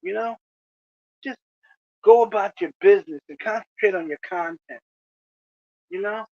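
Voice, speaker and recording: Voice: medium pitch, normal speed, darkish tone, dry recording, lo-fi sound. A video creator giving a preachy, lecturing monologue to the camera, often asking "you know?". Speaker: video creator addressing rival channels.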